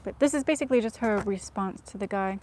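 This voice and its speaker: A woman vlogger chatting casually to viewers, soft-spoken and often dropping to a whisper, self-deprecating. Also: mid-range voice, fast talker, a little hiss or hum.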